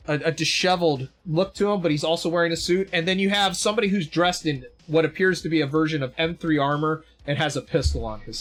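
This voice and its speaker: A man runs a tabletop game in a high-pitched voice, rambling through descriptions with many fillers and restarts. He jokes at his own expense. Faint music sits behind him. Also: a bit bright. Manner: rambling, filler-heavy, self-deprecating. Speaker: game master.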